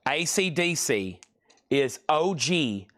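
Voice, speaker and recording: A man hosting a live-stream vinyl auction, calling bids and names in hyped, rapid patter and acting out buyers' amazed reactions. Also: a little high, sing-song, a bit bright. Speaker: live sale host.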